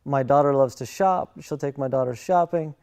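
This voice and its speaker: A middle-aged man telling family stories in a halting, soft-spoken way, with many fillers and restarts. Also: medium pitch, clear, resonant tone. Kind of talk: casual personal storytelling.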